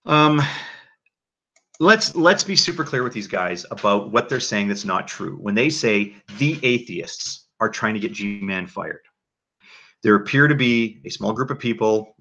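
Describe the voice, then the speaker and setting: A man hosts a casual livestream, talking in a rambling, animated way. His voice is gravelly with a bright, forceful edge, and it comes through a dull, lo-fi mic. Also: on the low side. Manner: animated, rambling, many restarts. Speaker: livestream host.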